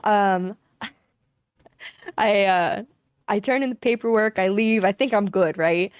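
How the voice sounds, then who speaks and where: A young woman hosting a live stream, telling a story in a casual, animated way, swearing freely. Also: mid-range voice, slow, smooth, no echo, clean studio sound. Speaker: streamer host.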